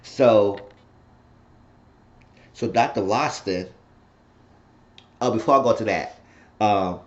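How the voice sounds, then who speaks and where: A man's voice: lowish voice, slow. A man casually recapping a TV episode in a rambling, profane way, often slipping into the characters' lines. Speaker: TV recap reviewer. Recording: slightly dull lo-fi recording.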